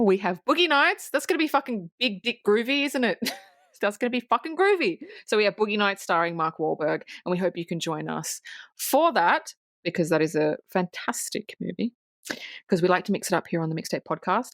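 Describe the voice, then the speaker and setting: A woman co-hosting a casual movie podcast, swearing freely and laughing often in a playful, loud way. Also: fairly low pitch, lively intonation, moderate pace, dry recording, studio quality. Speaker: podcast co-host. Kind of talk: casual chat.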